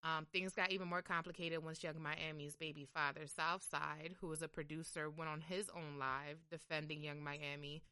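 Bright, crisp woman podcast host. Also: low-pitched, flat delivery, moderate pace, hardly any pauses, no echo, studio quality. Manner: chatty, lots of "like" and "um". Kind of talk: casual chat.

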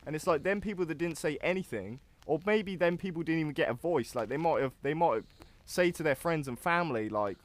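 A man's voice: fairly high pitch, a little fast. A man co-hosting a casual podcast chat, full of fillers and casual swearing. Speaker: podcast co-host.

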